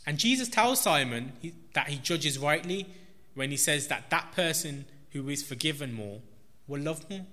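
Male preacher, slow and emphatic, bright forceful tone, big reverberant room. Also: a little high. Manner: slow, emphatic delivery with stressed repetitions. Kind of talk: sermon. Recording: long reverb of a large hall.

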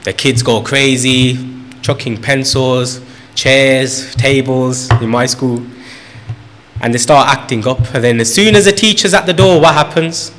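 A man's voice: mid-range voice, measured pace, a bit bright. A man preaching a sermon in an earnest way, repeating phrases for emphasis and lifting his voice on key points.

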